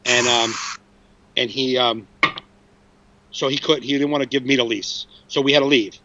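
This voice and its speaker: A man's voice: medium pitch, steady tone, moderate pace, lo-fi sound, background noise. A man in his forties, a comedian hosting a podcast, telling a story casually with restarts and swearing. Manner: rambling, frequent restarts and swearing.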